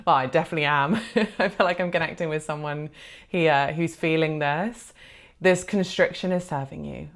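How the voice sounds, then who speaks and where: Gentle low-voiced woman reading tarot. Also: normal speed. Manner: gentle, reassuring, heartfelt, many soft fillers. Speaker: tarot reader. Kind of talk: pick-a-card tarot reading.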